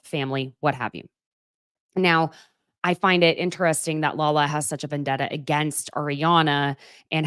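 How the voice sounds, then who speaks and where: A woman's voice: sits low, fairly bright tone, dry recording, clean studio sound. A woman in her thirties hosting a casual live gossip chat, chatty and fond of pet names and self-mocking asides. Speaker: host of a gossip show.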